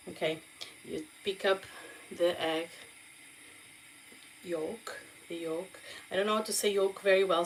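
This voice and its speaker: Cooking vlogger, woman, Portuguese accent, lowish voice, chatty, checks in with viewers, faint kitchen noise behind. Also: low-quality recording. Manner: chatty, warm asides to viewers, frequent "okay?" check-ins. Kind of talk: casual cooking demonstration. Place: home kitchen.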